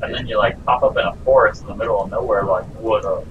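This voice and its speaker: A young man playing a game with a friend, reacting excitably and joking around. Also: fairly low pitch, fast talker, phone-quality sound. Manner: excitable, jokey, reacting loudly. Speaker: gaming friend. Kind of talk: casual gaming chat. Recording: distant mic with background noise.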